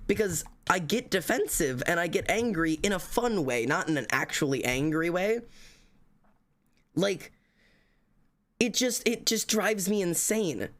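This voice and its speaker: A man's voice: high-pitched, very animated, a little slow, a bit bright. A man venting to his livestream chat in a rambling, self-critical rant, swearing heavily and restarting his sentences often.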